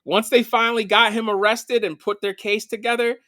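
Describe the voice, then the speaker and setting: A man co-hosting a casual podcast, recapping TV episodes in an animated, profane storytelling way. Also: sits high, a little fast, dry recording, clean studio sound. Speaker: podcast co-host. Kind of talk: casual film and TV chat.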